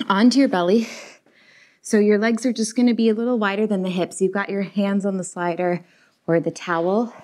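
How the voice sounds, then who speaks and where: A woman's voice: mid-range voice, steady tone, brisk, darkish tone. A young woman teaching a home pilates and barre class on a lapel mic, upbeat and encouraging as she counts reps. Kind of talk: cueing a home workout class. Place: home workout space. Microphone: lapel mic pack.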